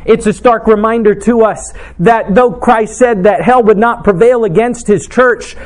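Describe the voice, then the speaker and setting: A man with a notably high voice preaches to his congregation in a church. He delivers his sermon earnestly and with emphasis, weaving in scripture quotations. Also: measured pace. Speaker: pastor.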